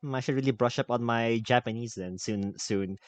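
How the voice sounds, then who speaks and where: A man's voice: mid-range voice, fairly quick, no room sound, faint music behind. A man hosting a casual interview, asking questions with many restarts and fillers. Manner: hesitant, many restarts and fillers, laughs easily. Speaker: host.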